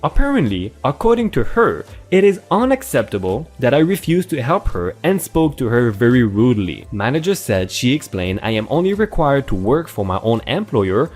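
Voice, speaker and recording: A man's voice: mid-range voice, darkish tone. A man hosting a channel, energetically narrating online stories with playful exclamations. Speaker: host reading online stories. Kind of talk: upbeat storytelling narration.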